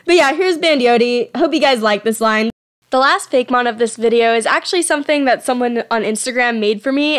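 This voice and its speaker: A woman's voice: a little high, fairly bright tone. A young woman talking casually over her drawing at home, chatty and self-deprecating, sometimes tripping over her words. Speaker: artist presenting her fan creature designs.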